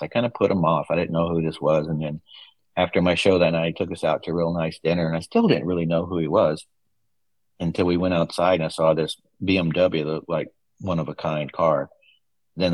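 A man with a very low, deep voice tells rambling stories in a casual interview. He slips into livelier voices when he quotes people. The recording is dry and close. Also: darkish tone, no room sound, low-quality recording. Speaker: guest, author's son. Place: West Coast wine region home.

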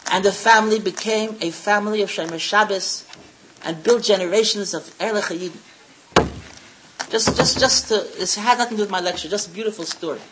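A woman's voice: mid-range voice, a little fast, very noisy. A woman giving a religious lecture, telling stories with emphasis and repeating key phrases. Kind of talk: Torah lecture with storytelling.

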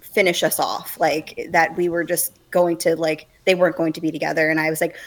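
A woman's voice: low-pitched, flat delivery, brisk. A woman co-hosting a book podcast in casual chat, gushing and rambling with many fillers. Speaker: podcast co-host.

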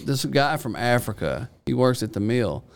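A laid-back man with a gravelly yet smooth, resonant voice, joking and swearing through casual podcast talk. He laughs easily and tells his stories in an unhurried way. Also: mid-range voice, very animated. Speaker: podcast co-host. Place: indoor podcast studio.

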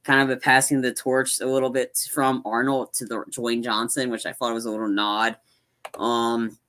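A man on a live-streamed podcast, talking casually and rambling about movies, acting out scenes with excitement. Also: medium pitch. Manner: rambling, animated, acts out movie lines. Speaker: podcast co-host.

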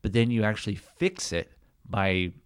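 A man's voice: lowish voice, big pitch swings, normal speed, clear, resonant tone, no room sound, clean studio sound. A man hosting a podcast in an encouraging way, summing up his guest's points and acting out quotes with animation. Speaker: podcast host. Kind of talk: casual podcast conversation.

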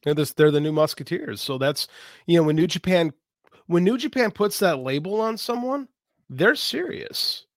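A man co-hosting a podcast, talking casually about wrestling in an animated way, catching and correcting himself and swearing now and then. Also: on the high side, moderate pace, no room sound, clean studio sound. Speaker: podcast co-host.

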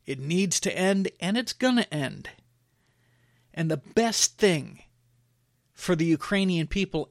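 Male host, opinion monologue; blunt, chatty, filler-heavy delivery; slightly high voice, dead-dry sound. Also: expressive, takes it slowly, vocal fry, long pauses, no room sound. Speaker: podcast host.

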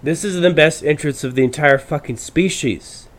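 A man's voice: on the high side, brisk. A man from the United States hosting a podcast, delivering a profane political rant that rambles and restarts often. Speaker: podcast host. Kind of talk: ranting political monologue.

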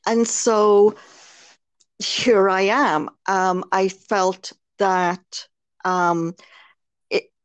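Smooth and medium-pitched, her delivery is flat and extremely slow with long pauses, and there's no room sound. A British nurse and author with a British English accent, she answers a candid podcast interview frankly and earnestly, with frequent fillers.

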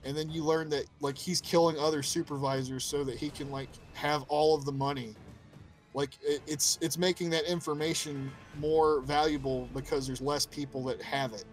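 A man co-hosting a casual podcast chat, excited and profane, laughing often. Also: a little high, moderate pace, soft background music. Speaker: podcast co-host.

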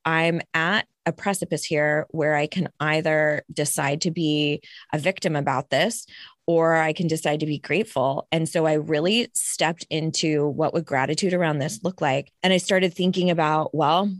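A woman's voice: low voice, steady tone, moderate pace, dry recording, studio quality. A woman hosting a podcast, telling a personal story in an earnest, reflective way. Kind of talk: casual podcast chat.

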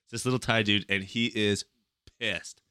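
A young man chatting on a podcast, his voice bright and forward, with a dry close sound and almost no room around it. He tells a story loosely and swears often, acting out the people in it as he goes. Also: lowish voice, normal speed, smooth, dry recording. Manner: profane, animated storyteller. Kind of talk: casual storytelling chat.

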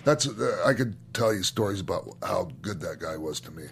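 A middle-aged man with a lowish voice, reminiscing in loose, casual podcast talk. He is enthusiastic and swears freely, often trailing off and starting his sentences over. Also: animated, a little fast, creaky, slight background noise. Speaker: podcast host and former wrestler. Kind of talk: casual storytelling chat.

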